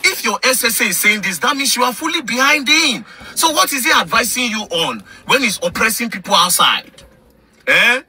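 Heated, bright-voiced Nigerian man ranting. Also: fairly high pitch, a little hiss or hum. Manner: confrontational, repetitive, mixing English and Pidgin. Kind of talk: heated direct-to-camera rant.

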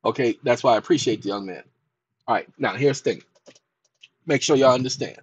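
A man's voice: medium pitch, brisk, breathy edge, dry recording. A man hosting a video channel, talking straight to his viewers in a casual, rambling, repetitive way. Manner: chatty, repetitive, addresses viewers directly. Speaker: channel host.

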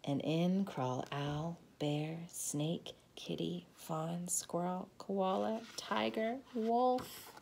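A woman hosting a children's storytime, reading a bedtime picture book aloud in an expressive, gentle way and inviting the kids to join in. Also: lowish voice, very slow, vocal fry, hardly any pauses, a little hiss or hum.

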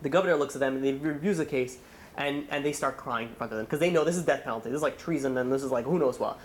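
A man preaching as a rabbi, talking at a brisk clip in a mid-range voice. He rambles and restarts as he tells his story. A faint layer of background noise sits under the recording. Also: medium pitch. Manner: fast, rambling storyteller with many restarts and fillers. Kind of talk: holiday sermon with a story.

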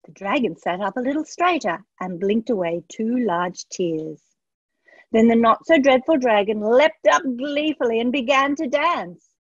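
A woman reading a children's storybook aloud in a gentle, expressive way. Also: on the high side, breathy edge, no room sound. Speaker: storybook reader. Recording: dull lo-fi dry sound.

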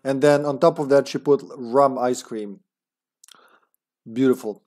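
A man's voice: mid-range voice, fairly even intonation, darkish tone. Chatty man streaming a game. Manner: chatty, laughs often, tired but talking fast. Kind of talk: casual live-stream commentary.

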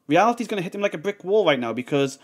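A man's voice: high voice, animated, rapid-fire. Heated man ranting in reaction. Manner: heated, swearing, rambling with many fillers. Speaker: reaction streamer. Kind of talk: reaction commentary.

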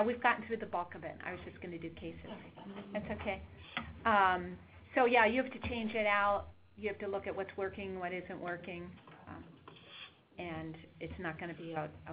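A woman's voice: mid-range voice, noisy background. Chatty woman presenter on a dull recording. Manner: chatty, storytelling, frequent ums. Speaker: developmental pediatrician presenting a workshop. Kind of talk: informal lecture with case stories. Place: meeting room with a small audience.

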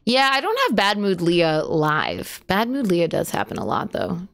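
A woman's voice: fairly low pitch, huge pitch swings, a little slow, a bit bright. A woman streaming a horror game live, chatting to viewers, yelping at jump scares and swearing casually. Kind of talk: live horror gameplay commentary.

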